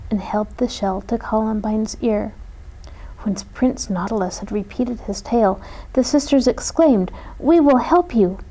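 A woman reading a children's storybook aloud in a gentle, expressive way. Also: mid-range voice, poor audio.

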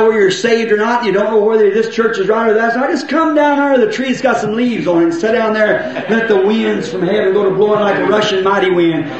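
A man preaching a folksy sermon, swinging between loud shouts and low asides. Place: church. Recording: echoey, muffled old church recording.

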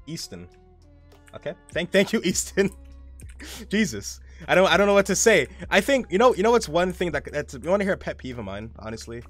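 A man's voice: high voice, very animated, a little fast, a bit bright, soft background music. A young man streaming a game live, rambling casually, reading chat aloud and swearing often.

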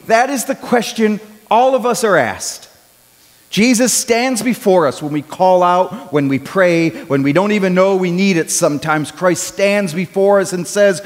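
A man preaching a sermon as pastor, talking in a conversational way and growing loud when he acts out a cry for help. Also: high-pitched, normal speed. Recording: long hall reverb.

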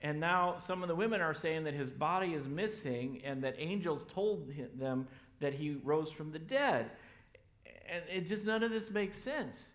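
A man's voice: on the high side, normal speed, fairly bright tone. A man preaching a sermon as a pastor in a church, telling the story casually and acting out the voices of the people in it. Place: church sanctuary.

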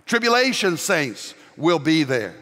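An older man with a Southern accent preaches to his congregation, mixing folksy humor with loud, emphatic swells. His voice sits a little high for a man. A long reverb from the large church sanctuary trails each phrase. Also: big pitch swings, unhurried. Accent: Southern American. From American South. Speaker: pastor. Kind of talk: sermon.

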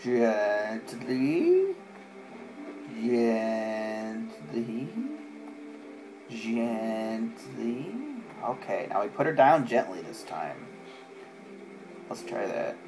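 A man giving casual let's play commentary with sarcastic, deadpan asides. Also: lowish voice, a little slow, long pauses, poor audio. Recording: game music playing behind.

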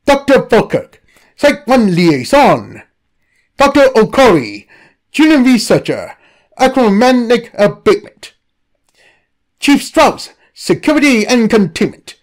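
Lively narrator reading anomaly files. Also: medium pitch, takes it slowly. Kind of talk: comedic scripted narration of an anomaly file.

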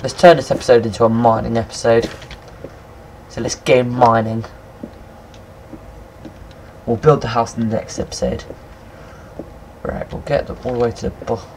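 A man's voice: medium pitch, moderate pace, pauses often. Young guy rambling over his game at home, swears a lot, jumpy, noisy mic hiss behind. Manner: excitable, swears often, talks to himself. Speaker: gaming video maker. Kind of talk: casual game commentary. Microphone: computer mic, no headset.

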